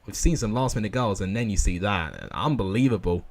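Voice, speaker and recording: A young man commentating football games live for viewers, excitable and out of breath. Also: fairly low pitch, fairly quick. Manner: shouts and laughs at goals, chats with viewers.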